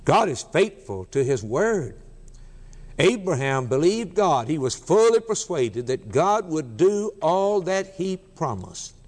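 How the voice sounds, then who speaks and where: A man's voice: a little high, big pitch swings, takes it slowly, a little mellow. A man preaching a sermon with emphatic, repetitive cadence, building phrase upon phrase. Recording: long hall reverb.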